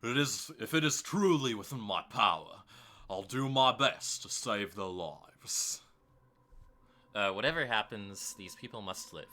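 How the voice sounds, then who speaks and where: A guarded, skeptical doctor from a game, read by a man in a loose put-on Southern US drawl. the voice is low but bright and lively, and the reading is halting, with little pauses. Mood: resolute. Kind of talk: reading video game dialogue aloud on a stream.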